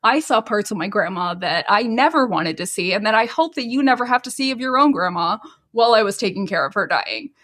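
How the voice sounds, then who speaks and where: A woman's voice: mid-range voice, expressive, fairly quick, fairly bright tone. Woman cohost ranting on a podcast, snarky, swears a lot, laughs between lines. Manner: sarcastic, swearing, laughing rants. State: waiting for an edible to kick in. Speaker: podcast co-host. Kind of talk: casual podcast banter.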